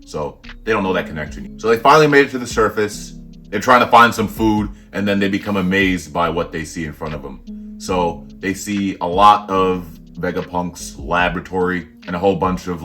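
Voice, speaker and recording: A man co-hosting a casual chat, recapping a comic chapter in a laid-back, animated way. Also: low-pitched. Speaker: co-host.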